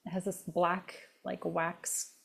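A woman's voice: fairly low pitch, level tone, slow, creaky, breathy edge. A middle-aged woman co-hosting a cooking podcast, chatting casually with rambling asides and frequent laughs. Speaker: podcast co-host.

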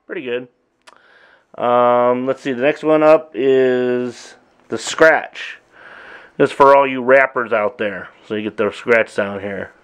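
A middle-aged man casually walking through his old drum machine sounds, talking in a relaxed, halting way with frequent pauses. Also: medium pitch, smooth. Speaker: drummer demonstrating gear. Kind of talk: casual demo walkthrough.

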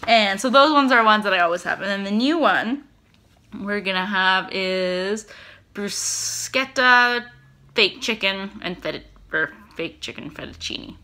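A woman's voice: medium pitch, moderate pace, bright, forceful tone. A woman, chatting casually to camera at home in a rambling way with lots of fillers and giggles. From Canada. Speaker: vlogger. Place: home, indoors.

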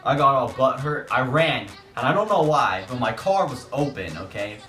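Young man, casual storytime, animated delivery, roomy echo. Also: mid-range voice, normal speed. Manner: animated, acts out voices, jokey asides. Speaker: YouTuber. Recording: echoey room, music behind.

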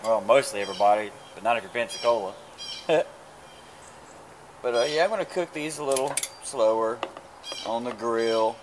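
A cooking vlogger with a mid-range voice chats casually at an outdoor grill, recorded on a camera mic with background noise. He's crude and jokey and trips over his words.

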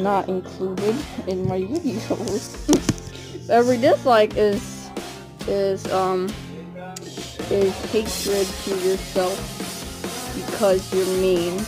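A woman's voice: medium pitch, low-quality recording. A woman hosting a gaming channel, giggling and cracking random jokes while she plays. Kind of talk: casual gameplay commentary.

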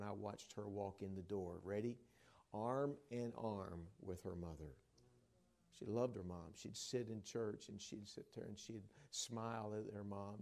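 A middle-aged man preaching a sermon in a church, telling stories and swinging from hushed to loud, excited delivery. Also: lowish voice. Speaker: traveling evangelist preacher. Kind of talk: sermon with storytelling. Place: church sanctuary at a conference. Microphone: wearing a microphone.

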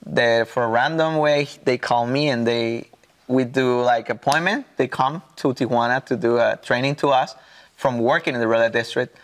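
A pastor from Mexico telling his testimony in halting, earnest English with a Mexican Spanish accent. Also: mid-range voice. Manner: earnest, halting non-native English with repeated restarts. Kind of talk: personal testimony in an interview.

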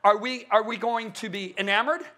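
A middle-aged man preaching a conference sermon, emphatic and animated, acting out quotes in different voices. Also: moderate pace. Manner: animated, emphatic, acts out quotes with big pitch swings.

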